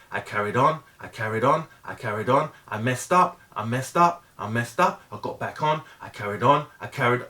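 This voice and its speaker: A middle-aged man with a high-pitched voice speaks in an earnest, pleading way. He hammers home points through heavy repetition and often trips over the start of a phrase before pushing on. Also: sharp tone. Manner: earnest, emphatic, heavily repetitive; halting restarts. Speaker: vlogger. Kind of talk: motivational monologue.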